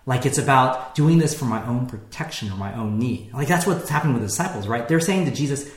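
A man preaching a sermon in a relaxed, conversational way, with frequent fillers and restarts. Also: mid-range voice, a little fast, reverberant. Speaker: pastor.

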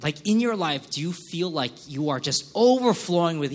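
A male pastor preaching a sermon in a church, acting out quick mock prayers and complaints. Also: fairly high pitch, expressive. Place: church sanctuary.

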